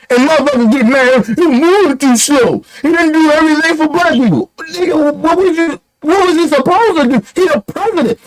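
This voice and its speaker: A man with a strikingly high-pitched voice delivers a heated commentary rant. He talks bluntly and profanely, hammering his points with rhetorical questions. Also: rough recording. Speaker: online commentator.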